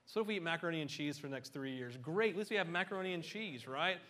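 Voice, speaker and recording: Middle-aged male pastor, lively casual sermon delivery with humorous asides. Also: a little high, fast. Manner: animated, conversational, joking asides.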